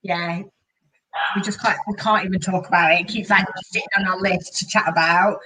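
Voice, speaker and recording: A woman's voice: lowish voice, steady tone, fairly quick, sharp tone, a little hiss or hum. Younger woman, laughing and frank, far from mic. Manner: laughing, self-mocking and frank. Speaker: co-host. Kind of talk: casual live chat. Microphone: video call. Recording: distant voice on a video call.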